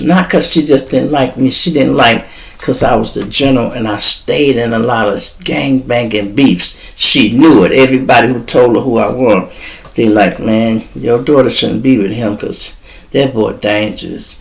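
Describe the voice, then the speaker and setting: A man telling a street story on his podcast, animated and profane, acting out the voices of the people in it. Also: medium pitch, gravelly, rough recording. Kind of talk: casual storytelling.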